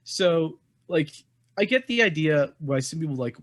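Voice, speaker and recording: A man's voice: on the high side, animated, moderate pace, no room sound. A man on a podcast panel, speaking candidly and personally with wry asides. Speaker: panel guest. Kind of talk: casual panel discussion.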